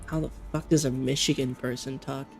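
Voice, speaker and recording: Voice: mid-range voice, little pitch movement, a little fast, gravelly, slight background noise. A streamer in casual chat, playful and swearing freely while trying out accents.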